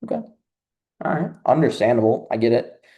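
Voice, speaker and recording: A man's voice: medium pitch, lively intonation, moderate pace, lo-fi sound. Casual man giving a motivational talk. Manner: conversational, drops into quoted inner voices. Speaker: self-help speaker.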